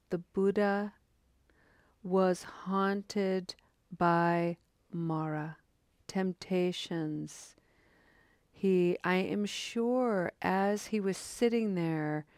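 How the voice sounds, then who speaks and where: Meditation teacher, woman, unhurried, gentle and contemplative, sometimes hushed, in a dry room. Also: lowish voice, smooth, no echo. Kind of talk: dharma talk and guided meditation.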